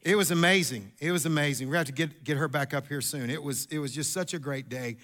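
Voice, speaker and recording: High, bright-voiced preacher man. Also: fast. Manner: animated, storytelling with asides and repeats. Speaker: pastor. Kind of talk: sermon.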